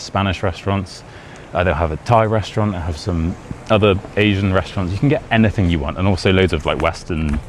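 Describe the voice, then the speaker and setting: A British man talking casually to camera in a chatty, rambling way, laughing often as he teaches about his country. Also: deep voice. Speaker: British English teacher and YouTuber. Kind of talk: casual vlog talk. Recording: outdoor street noise behind.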